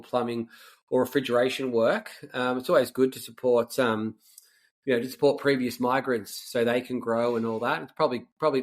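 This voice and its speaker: A young Australian man hosting a podcast interview, chatty and relaxed, calling his guest mate and filling pauses with um. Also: mid-range voice. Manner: chatty, says mate a lot, many fillers. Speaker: podcast host. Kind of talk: casual interview chat.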